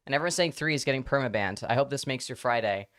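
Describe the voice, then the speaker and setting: A livestreamer chatting loosely with viewers, playful and swearing freely. The voice is bright and forward with a very lively, bouncing pitch, and it slides between accents mid-stream. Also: fast. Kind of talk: casual live-stream chat.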